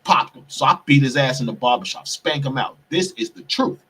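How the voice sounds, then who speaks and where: Husky-voiced man telling a heated story. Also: mid-range voice, lively intonation, a little fast, fairly bright tone. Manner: profane, keeps addressing listeners as "people". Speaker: podcast host. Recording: distant mic, husky sound.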